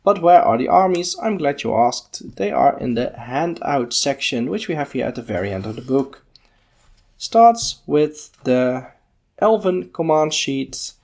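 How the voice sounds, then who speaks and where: Man, unhurried talk, gravelly tone, musing, casual walkthrough. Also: a little high, big pitch swings, darkish tone. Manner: unhurried, musing, thinking aloud with fillers. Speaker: podcast host. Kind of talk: casual page-by-page book walkthrough.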